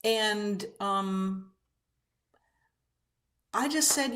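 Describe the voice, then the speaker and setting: A woman's voice: mid-range voice, moderate pace, a bit bright. A woman in casual conversation, speaking reflectively and hesitantly, often restarting her sentences.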